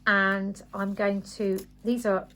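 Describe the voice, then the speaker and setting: A woman talks her viewers through a parcel of craft goodies. Her chat is casual and full of excited gushing. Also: medium pitch, slow, slight background noise. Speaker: craft vlogger.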